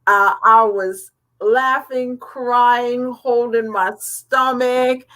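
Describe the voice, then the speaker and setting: A woman co-hosting a radio talk show, measured and hesitant, with frequent fillers. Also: fairly high pitch, steady tone, sharp tone. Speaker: co-host. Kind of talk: casual chat.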